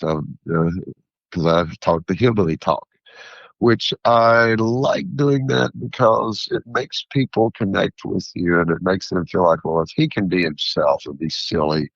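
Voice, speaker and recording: A man who is a food entrepreneur, a guest on an interview show, talking in a rambling, philosophical and animated way. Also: low-pitched, a little slow, gravelly, no echo, dull audio. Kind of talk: interview conversation.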